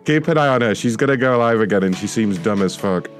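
A man making a prank call on a live stream, his speech swinging widely in pitch. He curses nonstop and shouts crude insults down the line. There is faint music in the background. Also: lively intonation, fast. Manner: foul-mouthed, abusive outbursts. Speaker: prank caller and livestream host.

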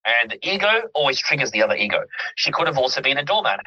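Male coach guest, very bright husky tone, earnest and emphatic, dull lo-fi recording. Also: medium pitch, very animated, fast. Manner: earnest, emphatic, checks in with listener. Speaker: mindset coach. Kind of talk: interview guest explaining with examples. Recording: dull lo-fi audio.

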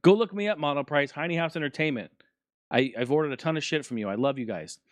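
A man's voice: on the high side, quick pace, dry recording. A man hosting a casual solo podcast, ranting animatedly and swearing often. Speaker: podcast host.

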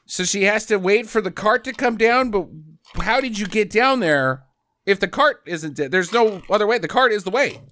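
A man casually recapping a movie with a co-host, animated, swearing and mock-quoting the characters. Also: sits high, normal speed. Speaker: podcast co-host.

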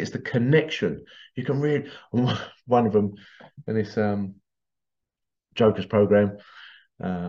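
A man's voice: on the low side, a little mellow. A man talking casually to his viewers, rambling and chatty with chuckling asides. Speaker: vlogger. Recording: dull lo-fi recording.

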